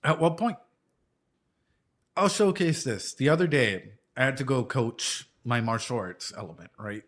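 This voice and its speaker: A man's voice: mid-range voice, lively intonation, unhurried, fairly bright tone. Rambling, casual man telling a fight story. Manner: rambling storytelling, swearing, lots of "dude" and "right?". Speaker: reaction streamer and martial arts coach. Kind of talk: casual chat reacting to anime.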